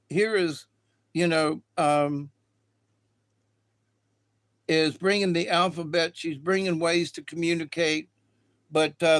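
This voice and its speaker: A man's voice: fairly high pitch, dry recording. A man reading animal spirit cards on a live stream, in a folksy, meandering style with many fillers. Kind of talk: rambling live-stream storytelling.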